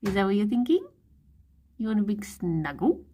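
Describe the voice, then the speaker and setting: A woman talking baby talk to her dog, cooing questions in a high voice. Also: big pitch swings, normal speed, mellow, a little hiss or hum, natural voice.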